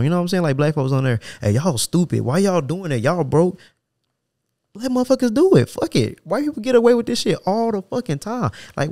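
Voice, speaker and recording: A man's voice: mid-range voice, gravelly, a little mellow, no room sound, clean studio sound. A young adult man with an African American Vernacular English accent, hosting a solo podcast in a casual, profane, rambling way. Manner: casual, profane, rambling, with frequent "you know what I'm saying". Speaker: podcast host.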